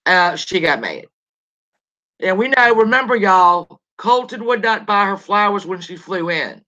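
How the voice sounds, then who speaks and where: Woman host, rambling gossip chat, bright and tense, dull lo-fi recording. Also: mid-range voice, expressive, measured pace. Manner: chatty, rambling, greets viewers mid-story. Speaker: show host. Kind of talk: casual gossip livestream. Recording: lo-fi dull sound.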